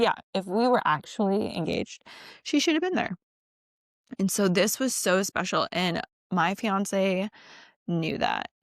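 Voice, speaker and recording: Gravelly, animated woman telling a story. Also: lowish voice, dry recording, clean studio sound. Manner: animated and profane, acts out quotes. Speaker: podcast host. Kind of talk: casual storytelling.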